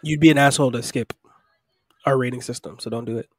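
Fast-talking man in casual podcast chat. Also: medium pitch, fairly even intonation, breathy edge, no echo, studio quality. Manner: rambling, laughs often. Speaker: podcast co-host. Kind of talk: casual comic book discussion.

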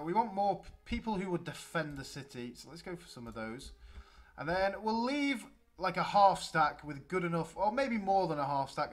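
A young man giving excitable, chatty commentary while playing a strategy game. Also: fairly high pitch. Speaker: let's play gamer. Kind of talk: gameplay commentary.

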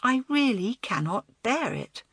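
A spirited young schoolgirl speaks earnestly and briskly, with a lively rise and fall, as a woman reader voices her. Her voice is lifted a little above the reader's own and sits close and dry, with no room around it. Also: fairly high pitch, slightly rough, no echo, voice pushed up, heavily acted. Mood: anxious. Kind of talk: audiobook character voice.

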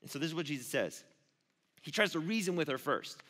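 A youth pastor preaching in a casual, storytelling way with animated asides. His voice is high and bright. A long reverb from the large auditorium hangs behind every phrase. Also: brisk. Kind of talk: youth sermon.

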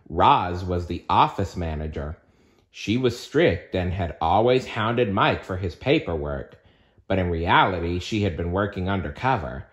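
A man reads a children's storybook aloud in an unhurried, lowish voice. His delivery is slow and expressive, with a lively melody. He paces each sentence for the story. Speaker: narrator.

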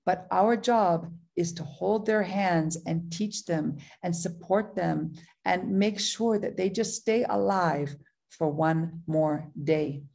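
A woman's voice: fairly low pitch, slow, gravelly, a little mellow. A middle-aged woman giving a motivational business training talk, enthusiastic and repeating phrases for emphasis. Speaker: network marketing trainer.

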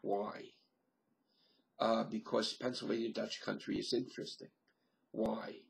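Solo vlogger, male, unhurried musing delivery, gravelly voice, webcam sound. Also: fairly low pitch, flat delivery. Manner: slow, musing, thinks aloud with many pauses and fillers. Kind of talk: rambling solo webcam monologue.

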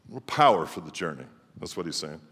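A middle-aged male pastor preaching a sermon emphatically, swinging between loud declarations and quiet asides. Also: deep voice, lively intonation, quick pace, husky. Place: church sanctuary. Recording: long church hall reverb.

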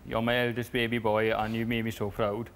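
A young man, a reality show contestant, reading a family letter aloud, halting and stumbling over words. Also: fairly low pitch, completely flat delivery, fairly bright tone, a little hiss or hum. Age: young adult.

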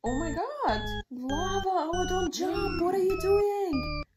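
A woman's voice: extremely high pitch, expressive, slow pace, heavily acted, low-quality recording. A woman voicing a timid, cheerful female jester, gushing and easily frightened as she reacts to videos in character. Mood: excitable. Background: loud music.

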